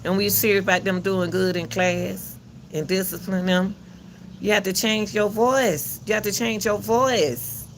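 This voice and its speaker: A man with a fairly high pitch talks straight to his viewers in the booming, projected voice of a coach. His casual commentary turns emphatic and preachy, with phrases said twice for weight. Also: steady tone, a little slow, slight background noise. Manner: emphatic and preachy, with repeated words. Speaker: channel host commenting on a court case.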